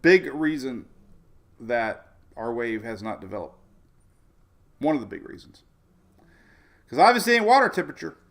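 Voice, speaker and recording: Gravelly guy doing a laid-back weather stream, rambles a lot, goes off on tangents. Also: mid-range voice, sing-song, normal speed, long pauses, a bit bright. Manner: rambling, chatty, drifts off topic; talks over weather maps on screen. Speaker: weather livestream host. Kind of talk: casual tropical weather briefing.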